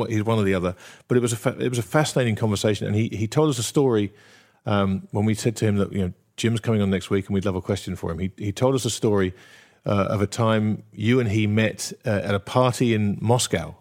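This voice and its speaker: Guy hosting an interview, lowish voice, lots of ums and starting over. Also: darkish tone. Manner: hesitant, many ums and restarts. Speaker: interview host.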